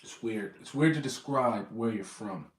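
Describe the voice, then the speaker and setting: Casting: American man vlogger, casual rambling chat, mid-range pitch, set back from the mic in an echoey room. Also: normal speed, a little hiss or hum. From United States. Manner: rambling, self-correcting, repeats words. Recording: roomy sound, mic at a distance.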